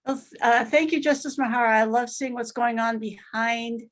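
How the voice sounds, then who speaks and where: A woman mediator presenting in a webinar, speaking in a measured way with some fillers. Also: fairly high pitch, fairly even intonation. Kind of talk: webinar talk.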